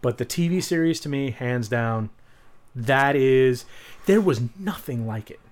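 Male podcast co-host, mid-range voice, excitable, cusses freely. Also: mid-range voice, a little slow. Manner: animated, swears, many restarts. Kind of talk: casual chat.

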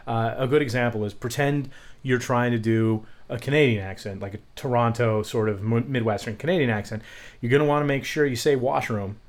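A man's voice: mid-range voice, a little fast. A man co-hosting a casual podcast chat about voice acting and accents, talking in a rambling, jokey way.

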